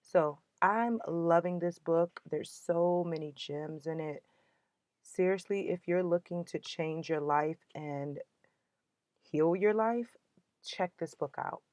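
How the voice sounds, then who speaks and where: Low-voiced woman hosting an uplifting podcast. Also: slow pace, darkish tone, no echo. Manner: earnest, emotional, uplifting. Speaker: podcast host. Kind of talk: motivational podcast talk.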